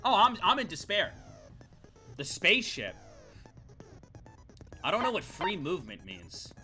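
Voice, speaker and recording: Male streamer, high and bright voice, ranting and swearing over a game, faint music underneath. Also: a little slow. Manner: excitable, ranting, swears often. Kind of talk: live game commentary.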